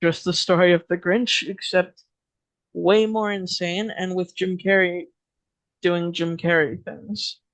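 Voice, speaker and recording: A man's voice: high-pitched, fairly even intonation, takes it slowly, a bit bright, no echo. A man in a casual podcast chat, laid-back, mostly giving short replies and laughing along. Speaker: podcast co-host.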